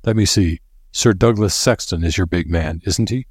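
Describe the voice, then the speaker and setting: A grim professor voiced by a male reader speaks with a worried edge in a storybook scene. The voice is low and husky, close and dry. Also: normal speed, a little mellow, no echo.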